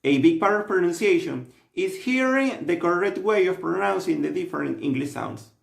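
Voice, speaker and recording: A man narrates a scripted language lesson in an instructive, steady way. His fairly high voice swings up and down with lively intonation. The recording carries a noticeable roomy echo. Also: normal speed, vocal fry. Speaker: language teacher.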